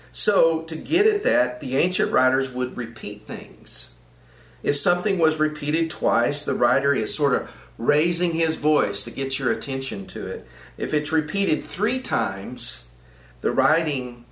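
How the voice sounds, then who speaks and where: A man's voice: medium pitch, a bit bright. Echoey man teaching a Bible study. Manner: explanatory, repeats phrases for emphasis. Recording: echoey room.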